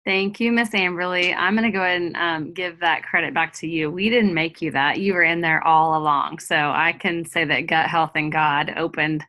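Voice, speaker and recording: A woman's voice: low-pitched, steady tone, normal speed, few pauses, pushed and bright. A woman hosting a group call, emotional and laughing as she introduces the next speaker. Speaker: call host.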